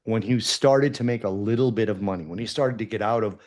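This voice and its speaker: Low-voiced, jokey storytelling man. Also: brisk, a little mellow. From United States. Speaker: podcast guest. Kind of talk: casual podcast conversation.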